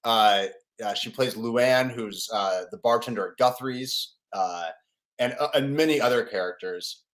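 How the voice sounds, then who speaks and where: A man from Chicago, a guest in a casual interview who talks in quick, halting bursts with many fillers. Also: mid-range voice, fairly bright tone. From North Side of Chicago. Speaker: guest, actor and writer.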